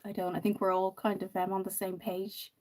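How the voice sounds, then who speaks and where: A woman talks casually while hosting a makeup livestream and reading comments, filling her rambling with ums and "you know." Her mid-range voice is flat in delivery, fairly quick, and darkish.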